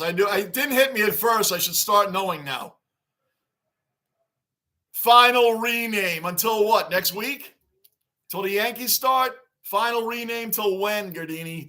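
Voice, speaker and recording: A man's voice: sits high, unhurried. A middle-aged man hosting a casual livestream, reading out fan chat and calling out greetings to viewers with an upbeat, chuckling manner. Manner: upbeat, shouts greetings to chatters, chuckles often.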